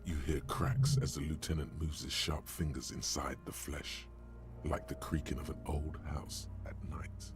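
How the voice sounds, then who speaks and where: An actor voicing a grim, omniscient male video game narrator, deliberate and vivid in second-person narration. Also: rumbling low, fairly even intonation, music in the background.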